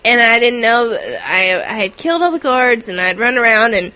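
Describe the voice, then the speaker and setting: Bright, high-voiced woman co-host, giggly and animated, acting out lines in casual chat. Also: moderate pace, low-quality recording. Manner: giggly, animated storyteller who acts out quotes. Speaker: podcast co-host.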